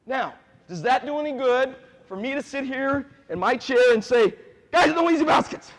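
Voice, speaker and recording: A man coaching a youth basketball clinic, quizzing the players and repeating key points with animated energy. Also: extremely high pitch, normal speed, long reverb tail. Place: gym with players on court.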